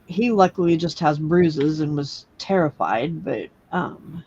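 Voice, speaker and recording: Donna, conduttrice di live di bricolage, parla lentamente, audio spento e poco definito, chiacchiera sconclusionata. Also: female voice, deep voice, unhurried, darkish tone, muffled recording, a little hiss or hum. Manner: rambling, lots of fillers and restarts. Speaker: livestream craft host. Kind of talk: casual late-night chat while crafting.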